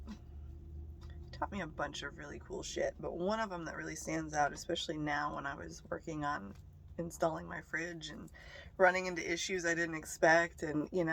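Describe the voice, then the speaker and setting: A woman's voice: sits low, creaky, a little hiss or hum. A young woman vlogger telling stories to the camera in a blunt, profane, casual way. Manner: blunt and profane, laughing between remarks.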